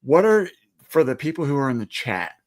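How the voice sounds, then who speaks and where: A man's voice: mid-range voice, sing-song, fairly quick, a little hiss or hum. A man co-hosting a casual livestream chat, making dry, teasing remarks. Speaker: livestream co-host.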